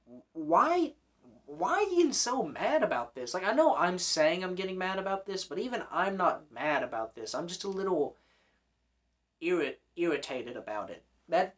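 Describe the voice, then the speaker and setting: A man's voice: high voice, a bit bright. A young man hosting a commentary vlog, ranting in an exasperated, sarcastic way with plenty of swearing. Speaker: host.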